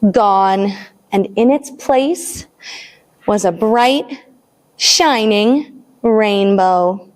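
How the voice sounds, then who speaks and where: A woman librarian reading a picture book aloud to small children, expressive and animated, then leading a counting rhyme. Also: mid-range voice, extremely slow. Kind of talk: storytime read-aloud.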